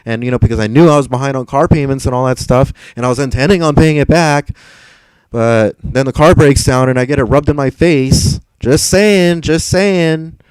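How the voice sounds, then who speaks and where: A frustrated young man rambles through a live stream, replying to his chat and stumbling over repeated words. His dark, smooth, mid-range voice moves a little fast, recorded dry and close with no echo but rough quality.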